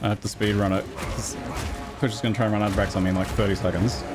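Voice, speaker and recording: A man streaming a video game live, reacting excitedly to the action, yelping and laughing, and chatting directly to his viewers. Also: lowish voice, racing. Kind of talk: live gameplay commentary. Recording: game music under the voice. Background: game music.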